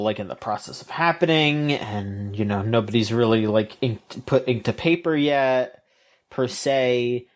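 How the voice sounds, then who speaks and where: A man co-hosting a video game podcast, ranting in opinionated casual chat with frequent restarts, fillers and swearing. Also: mid-range voice. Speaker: podcast co-host.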